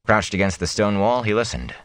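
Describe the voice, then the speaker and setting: A man narrates a novel aloud in a steady, measured way. His voice is very deep, and the recording is dry and close. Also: smooth, no echo. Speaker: audiobook reader. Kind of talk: audiobook narration.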